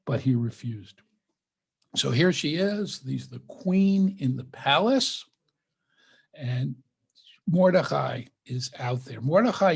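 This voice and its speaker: A man's voice: mid-range voice, vocal fry, husky. An older man, a rabbi, teaching a scripture lesson over a video call, reading passages aloud and then explaining them conversationally. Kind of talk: scripture study lecture.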